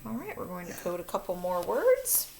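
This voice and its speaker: A woman teaches a phonics lesson, explaining each step patiently for her video. Her voice is a little low and gravelly. A faint hum sits behind her. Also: wildly swooping pitch, moderate pace, a little mellow. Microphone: recording her own video lesson.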